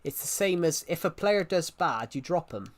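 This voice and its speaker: A man's voice: on the high side, animated, moderate pace. A man chatting casually on a live stream, rambling and repeating himself as he restarts phrases. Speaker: game streamer.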